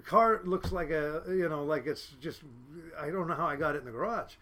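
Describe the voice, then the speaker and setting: A man from Seattle, a fishing boat captain, telling casual podcast stories in a lively way, full of fillers and laughs. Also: a little high, a little fast. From Seattle, United States. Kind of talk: casual storytelling.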